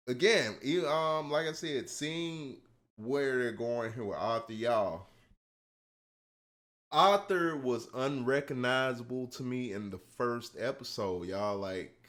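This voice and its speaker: A man hosting a casual TV reaction video, talking to his viewers, swinging from quiet musing to loud excited hype. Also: medium pitch. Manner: excitable, addresses viewers as y'all, drifts between hushed musing and loud hype.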